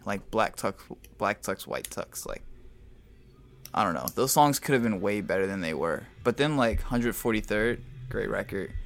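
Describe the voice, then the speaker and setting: A man's voice: fairly low pitch, creaky, fairly bright tone. A man co-hosting a podcast in casual chat, laid-back and slangy, giving strong opinions. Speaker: podcast co-host.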